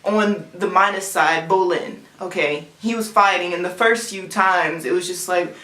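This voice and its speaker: A young woman co-hosting a casual show, talking in an animated, exasperated way about an episode she watched. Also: on the low side, normal speed, echoey room. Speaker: podcast co-host. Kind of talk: casual chat. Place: cold room.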